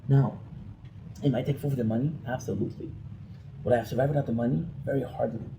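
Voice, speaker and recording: A man talks straight to his viewers in an emotional, rambling vlog, venting his frustration. His voice is gravelly and very dark, and he keeps stopping and restarting his sentences. A faint hiss sits behind him. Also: medium pitch, steady tone, quick pace, poor audio. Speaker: vlogger. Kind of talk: personal vlog rant.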